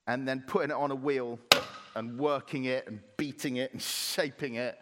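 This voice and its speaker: A man preaching a sermon as pastor, animated, acting out playful voices in his retelling. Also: mid-range voice, in a large hall. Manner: animated, acts out voices of clay and potter.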